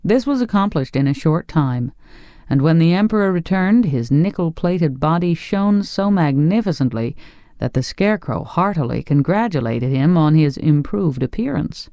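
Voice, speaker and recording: An audiobook narrator reading a fantasy tale in a measured storytelling way. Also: medium pitch, animated, dark tone, no room sound, clean studio sound. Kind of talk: scripted narration.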